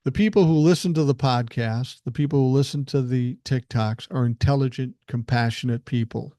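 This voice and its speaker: A man's voice: medium pitch, normal speed, dark tone, dry recording, clean studio sound. An older man hosting a solo podcast, talking bluntly and emphatically, with frequent swearing. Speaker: podcast host. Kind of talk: solo political podcast monologue.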